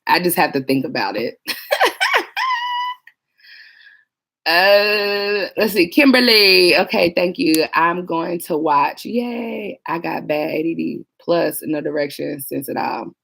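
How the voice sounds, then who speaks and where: A woman's voice: on the low side, lively intonation, a little slow, vocal fry, hardly any pauses, fairly bright tone, husky. A woman who worked as a police dispatcher, chatting casually to viewers about trainees and acting out coworkers. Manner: chatty, laughing, mimics people. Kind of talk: casual livestream chat.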